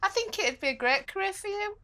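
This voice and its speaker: A woman's voice: extremely high pitch, expressive, fairly quick, sharp tone. A woman teasing a fellow guest at a dinner table with giggly remarks. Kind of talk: casual chat at a dinner table.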